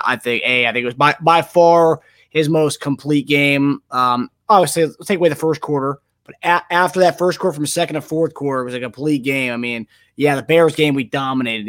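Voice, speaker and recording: A man hosting a sports podcast, chatting casually and quickly agreeing with his co-host. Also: mid-range voice, a bit bright, dry recording, clean studio sound.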